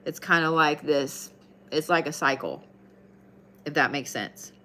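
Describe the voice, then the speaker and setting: A chatty woman leads a live card reading stream. Her voice sits a little low, and she talks to each viewer by name in a casual, easygoing way. She drifts between guidance and small asides. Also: animated, measured pace, sharp tone, slight background noise. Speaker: tarot card reader.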